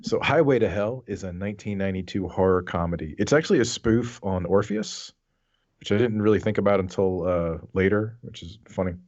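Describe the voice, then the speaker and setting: A man's voice: sits low, a little fast, darkish tone, muffled recording. A man co-hosting a podcast in casual chat, recapping a movie with wry, sarcastic asides. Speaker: podcast co-host.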